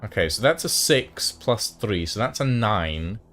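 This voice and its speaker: A man running a tabletop game as game master, narrating slowly with many fillers and pauses. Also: lowish voice, expressive, a bit bright, soft background music. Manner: slow, halting with many fillers.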